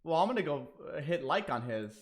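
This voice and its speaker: A man hosting a casual race watch-along stream, talking excitably and swearing now and then. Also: fairly high pitch, a little fast. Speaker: livestream host.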